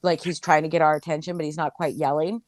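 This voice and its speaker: A woman telling a crude anecdote in casual chat, animated, swearing and full of fillers. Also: low-pitched, fast talker, no echo. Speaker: storyteller.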